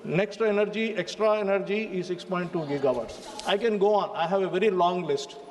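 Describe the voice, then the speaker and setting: A man's voice: sits high, a little fast, a little mellow, slight background noise. Emphatic Indian man in a reverberant chamber. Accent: Indian English. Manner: emphatic, addresses the chair as sir. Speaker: member of parliament. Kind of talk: parliamentary speech. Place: large debating chamber.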